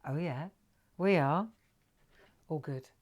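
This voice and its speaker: Middle-aged woman, craft livestream host, chatty, lower voice, bright greetings, drops to whispers. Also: takes it slowly. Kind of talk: chatty live craft stream.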